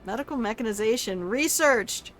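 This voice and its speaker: A woman's voice: a little high, expressive, normal speed, fairly bright tone, a little hiss or hum. An older woman streaming a video game, chatting casually with viewers in a salty, teasing way and swearing freely. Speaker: gaming streamer. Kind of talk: casual gameplay commentary.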